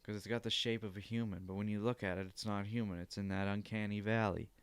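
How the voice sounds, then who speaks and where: A man's voice: on the low side, steady tone, fast talker, clean tone, no echo. A young man hosting a podcast in casual chat, rambling, laughing often and swearing freely. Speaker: podcast host.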